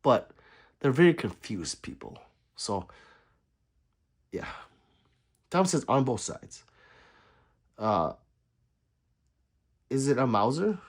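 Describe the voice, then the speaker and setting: A man hosting a livestream, chatting casually and reading out viewer comments, swinging between loud remarks and quiet asides. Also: medium pitch, big pitch swings, takes it slowly, long pauses, breathy edge. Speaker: livestream host.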